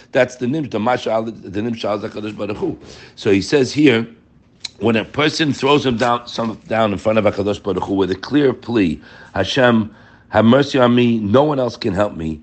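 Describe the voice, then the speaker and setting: A man giving an animated Torah talk, emphatic and full of rhetorical questions, mixing Hebrew terms into English. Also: mid-range voice. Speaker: rabbi giving a Torah class.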